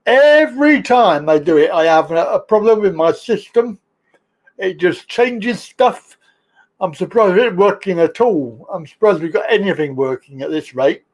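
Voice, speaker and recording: A high-voiced man chats on his live stream at a slow, easy pace. He jokes and laughs as he goes. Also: lively intonation. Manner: jokey, chatty, laughs often, slow drawl. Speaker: livestream host. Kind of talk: casual live-stream chat.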